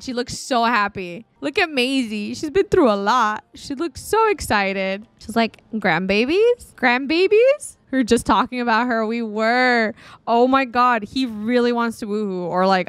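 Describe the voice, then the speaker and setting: A woman gaming YouTuber giving casual, chatty let's-play commentary at her desk mic, excitable and often laughing. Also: a little high, dry recording. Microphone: studio desk mic.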